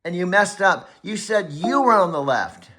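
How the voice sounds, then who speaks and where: A man's voice: high voice, expressive, normal speed, pushed and bright. A man who hosts and coaches an AI, talking in an emphatic, insistent way and repeating his point. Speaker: host and AI coach. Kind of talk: casual heated conversation.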